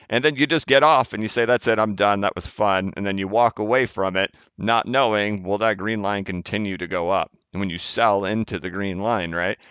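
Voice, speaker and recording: A man's voice: fairly low pitch, a bit bright, smooth, no room sound, muffled recording. A man hosting his channel, talking emphatically in a casual market commentary monologue with chuckling asides. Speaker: channel host.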